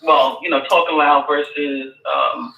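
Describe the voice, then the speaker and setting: A male caller with a sharp, very bright voice and a somewhat high pitch. He comes through an echoey, distant line, speaking his mind with plenty of halting restarts. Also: steady tone, gravelly, lo-fi sound. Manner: opinionated, halting with fillers and restarts. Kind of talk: phone-in conversation.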